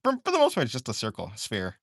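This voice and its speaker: A man's voice: lowish voice, wildly swooping pitch, very fast, gravelly, a bit bright, no room sound, clean studio sound. A young man chatting casually on a live art stream while he draws, rambling and drowsy, often trailing off into mumbles.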